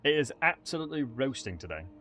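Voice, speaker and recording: A man casually talks through his game for viewers, wandering off into tangents with plenty of fillers and restarts. His voice sits at an ordinary middle pitch. Soft music plays quietly behind him. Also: big pitch swings, fast talker. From England. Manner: rambling, chatty, many fillers and restarts, reacting to chat. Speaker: streamer. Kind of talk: casual gameplay commentary.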